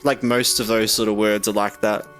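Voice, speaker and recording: A man's voice: fairly low pitch, flat delivery, fairly bright tone, soft background music. A young Australian man casually streaming a game, bantering with chat and laughing often. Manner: laid-back banter, laughs often, slow drawl.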